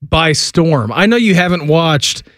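A man's voice: on the high side, animated, unhurried, fairly bright tone, dry recording, clean studio sound. A man hosting a sports radio show, chatting casually and laughing through his stories.

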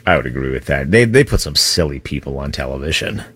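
A man's voice: very deep voice, lively intonation, fast, a bit bright, slightly rough. A man co-hosting a sports radio show, telling stories in a rambling, conversational way. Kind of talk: casual radio chat.

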